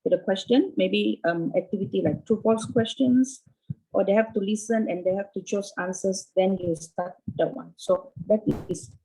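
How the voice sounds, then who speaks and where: Husky Malaysian woman teacher on a call. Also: mid-range voice, moderate pace, mellow, rough recording. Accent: Malaysian English. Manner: repetitive, checks in with "okay". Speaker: English teacher. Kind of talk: casual interview answers. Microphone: video call.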